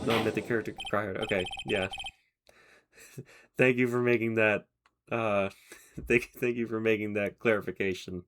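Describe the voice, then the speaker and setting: A man's voice: on the low side, steady tone, normal speed, long pauses, a bit bright. A man streaming a game, chatting casually and laughing at himself, his voice tired from hours of talking. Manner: chatty, self-deprecating, laughing asides. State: tired voice after long talking. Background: game music.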